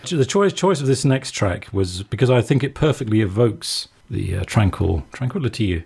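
A man hosting a casual radio show, introducing the next track in a halting, chuckling way with many restarts. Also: lowish voice, animated, gravelly, a little mellow, husky.

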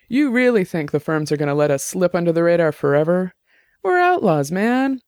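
A man voicing a tipsy, argumentative young woman musician who talks loud and bitter in a bar. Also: high-pitched, sing-song, brisk, smooth, no room sound, clean studio sound, voice pushed up.

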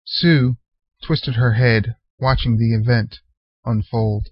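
A man reading a short story aloud in a measured way. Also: mid-range voice, fairly even intonation, breathy edge, no echo. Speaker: narrator. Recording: dull lo-fi sound.

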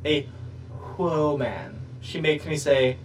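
A man's voice: fairly high pitch, fairly even intonation, slow, distant mic, slight background noise, rough recording. A man hosting a podcast, rambling through crude comedic bits in casual chat. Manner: jokey, rambling, crude humor. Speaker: podcast host.

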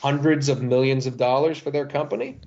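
A man's voice: medium pitch, brisk, creaky, muffled recording. A middle-aged man, a voice actor guest, telling stories animatedly with frequent restarts. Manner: animated storyteller with many restarts. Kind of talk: interview chat.

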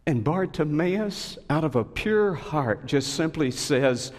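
Animated preacher in a reverberant hall. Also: male voice, slow. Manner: expressive storytelling preacher, rising to high cries. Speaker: pastor. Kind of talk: sermon. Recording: long reverb of a large hall.

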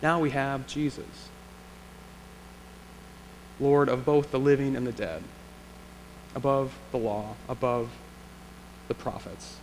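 A man's voice: medium pitch, steady tone, slow, long pauses, a little mellow. A male pastor preaching a sermon in a church sanctuary, in a reflective, conversational way with rhetorical questions. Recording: long church reverb, faint hum.

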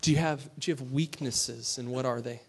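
A pastor giving a sermon. He talks in a conversational way, asks his listeners questions and drops to a hush for emphasis. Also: medium pitch, fairly even intonation, brisk, breathy edge.

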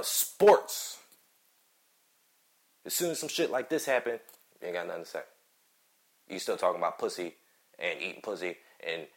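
Angry man ranting on his podcast. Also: medium pitch. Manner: heated, profane, repetitive ranting. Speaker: podcast host. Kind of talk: angry solo commentary.

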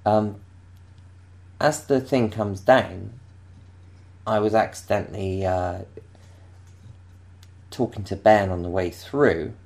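Deep gravelly man telling a rambling story. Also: slow, long pauses, darkish tone. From England. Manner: rambling, self-interrupting, laughing storyteller. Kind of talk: casual anecdote.

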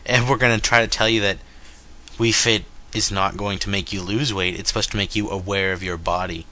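Bright-voiced man on a casual gaming podcast. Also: fairly low pitch, steady tone, a little fast. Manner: rambling, jokey, mocks companies in made-up dialogue. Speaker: podcast co-host.

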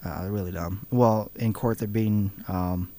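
A man with a somewhat low voice hosts a relaxed news chat. He reads stories aloud, stumbling now and then with fillers and restarts. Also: measured pace. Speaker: news show host.

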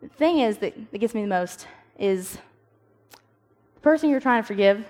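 Animated young woman giving a devotional talk. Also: medium pitch, normal speed. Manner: animated, acts out quoted voices, laughs at herself.

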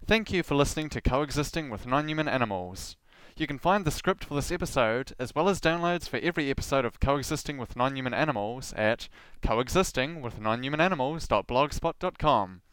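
Dry, clear-voiced male podcast host. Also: mid-range voice, lively intonation, a little fast, few pauses, a bit bright, no echo. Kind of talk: scripted narration.

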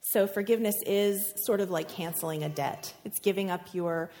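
A woman with a slightly low voice teaching a class on relationships. She talks in a casual, chatty way, full of little fillers and restarts. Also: moderate pace, dark tone, slight background noise. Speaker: workshop presenter.

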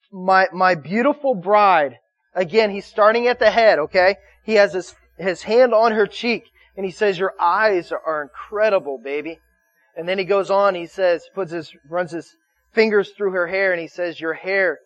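A man's voice: sits high, dry recording, highs cut off. A man preaching a sermon in a loose, conversational way, often restarting his words and checking in with his listeners. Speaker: pastor.

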